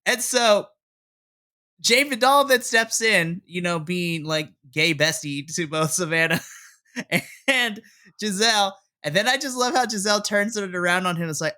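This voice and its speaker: A podcast co-host giving a casual, animated recap of a wrestling episode and laughing often. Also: medium pitch, measured pace. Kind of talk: casual wrestling review chat.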